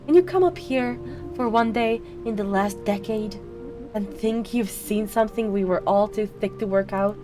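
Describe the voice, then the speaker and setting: A woman's voice: medium pitch, normal speed, music in the background, natural voice. A woman voicing a bitter, grieving sister in a video game, cutting and sarcastic. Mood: scornful.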